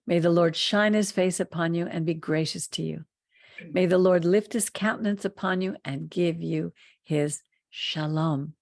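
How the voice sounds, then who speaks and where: A woman's voice: lowish voice, unhurried, vocal fry, dry recording. A woman hosting a Torah study talk, speaking earnestly and with emphasis. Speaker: host of a Torah study program. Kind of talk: teaching talk and closing blessing.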